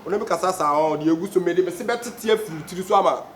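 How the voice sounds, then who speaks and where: A man acting in a comedy skit, talking loudly, teasing and shouting out names. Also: high-pitched, rapid-fire. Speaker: comedy actor. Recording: echoey room with faint background noise.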